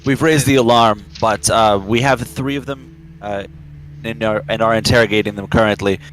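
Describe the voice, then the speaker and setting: A man's voice: on the low side, steady tone, normal speed, fairly bright tone, a little hiss or hum, low-quality recording. A man playing a tabletop game, speaking formally as his character. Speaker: player.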